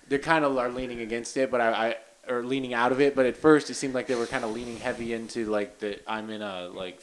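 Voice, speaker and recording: Male co-host, slightly low voice, rambling comic chat. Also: a little hiss or hum. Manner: joking, rambling, quick asides. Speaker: podcast co-host. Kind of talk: casual chat.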